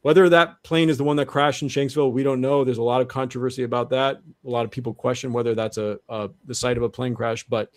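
A man's voice: mid-range voice, steady tone, fast, hardly any pauses, no echo, studio quality. Earnest man explaining at length. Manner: earnest, restarts often, builds argument step by step. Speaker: guest. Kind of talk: conversational interview explanation.

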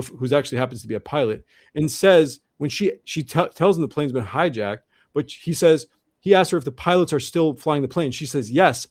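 A man's voice: a little high, no echo, clean studio sound. A man as an interview guest, talking in an earnest monologue that often repeats and restarts. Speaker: guest researcher.

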